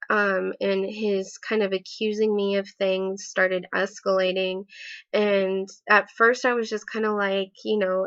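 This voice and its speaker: A woman talking through a personal story for her vlog, hesitant and restarting often. She fills her sentences with fillers as she goes, her pitch sitting in an ordinary middle range. The audio is slightly dull and lo-fi. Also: fairly bright tone, smooth. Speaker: vlogger.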